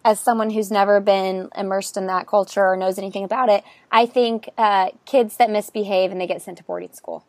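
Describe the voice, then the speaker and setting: A woman's voice: medium pitch, animated, brisk, few pauses, darkish tone, no room sound. A woman interviewer asking curious, casual questions with many fillers.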